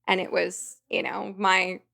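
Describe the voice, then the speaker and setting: Woman with a gravelly voice. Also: medium pitch, level tone, unhurried, bright, forceful tone. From United States. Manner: vivid anecdotal telling. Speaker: podcast guest. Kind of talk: casual conversational storytelling.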